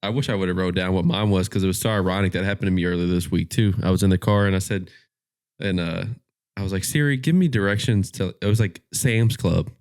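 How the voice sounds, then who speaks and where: A man's voice: low-pitched, quick pace, a little mellow, no echo. A man co-hosting a podcast in casual chat, mostly giving short replies and dry quips. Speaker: podcast co-host.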